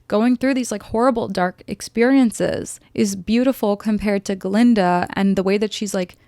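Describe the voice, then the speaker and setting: A woman reviewing a film in casual chat, retelling scenes expressively and dropping into quick voices for the characters. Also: mid-range voice, no room sound, studio quality. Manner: chatty, expressive, quotes characters in little voices. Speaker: movie reviewer.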